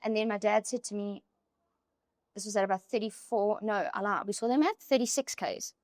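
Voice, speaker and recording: Young woman, guest storyteller, lively and chatty, dry close sound. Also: medium pitch, brisk, dry recording. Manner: animated, with many "like" fillers. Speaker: podcast guest. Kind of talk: emotional personal storytelling.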